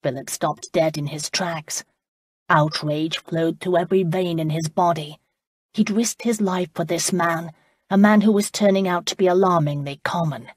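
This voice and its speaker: Steady female audiobook narrator, husky timbre, dry close-mic sound. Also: lowish voice, normal speed, no room sound. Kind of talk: scripted narration.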